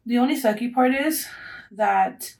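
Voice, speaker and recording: A woman's voice: fairly high pitch, a little slow, a little mellow, poor audio. Chatty young woman podcasting solo. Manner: chatty, rambling, self-mocking, drops Spanish phrases. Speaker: podcast host. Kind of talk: casual solo podcast chat.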